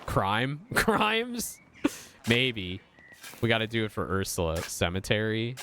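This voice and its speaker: A man's voice: on the low side, moderate pace, noisy background. A man streaming a game, chatting casually and swearing freely. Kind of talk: casual gaming commentary.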